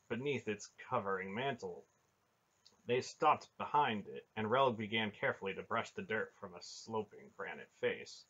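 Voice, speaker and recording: A man narrating a fantasy novel in a steady, even reading, on a dull lo-fi recording. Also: on the low side. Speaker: audiobook reader. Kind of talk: storybook narration.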